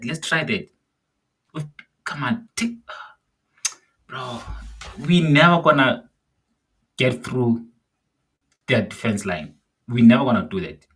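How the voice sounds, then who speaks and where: A man ranting casually as he watches a football match live, exasperated by the play and shouting at the players and the referee. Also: medium pitch, slightly rough. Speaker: football fan streamer. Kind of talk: live watch-along commentary.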